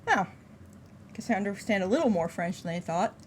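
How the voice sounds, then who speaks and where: A woman's voice: medium pitch, brisk, slight background noise. Wisecracking woman streaming a horror game. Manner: expressive, wisecracking, reads aloud. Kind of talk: casual live gameplay commentary.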